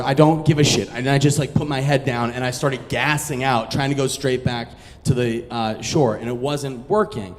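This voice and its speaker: A man's voice: medium pitch, fairly even intonation, moderate pace, few pauses, in a large hall. A man from Massachusetts telling a story on stage in a casual, profane, self-mocking way. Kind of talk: live storytelling.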